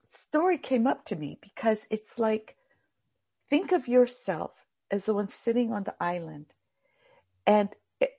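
A woman gives a casual, animated talk on meditation practice and tells a parable along the way. She slips into acted voices and swears offhandedly. Her voice is gravelly and somewhat breathy, at a middle pitch. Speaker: meditation teacher. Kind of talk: casual spiritual talk with storytelling.

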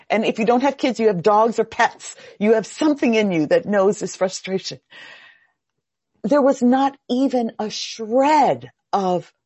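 An older woman leads a meditation class in a soft, husky voice that has some breath in it. She tells stories in a chatty way, laughing and restarting her sentences. The sound is dry and close to the mic. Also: fairly high pitch, no echo. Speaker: meditation teacher. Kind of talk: workshop talk with personal stories.

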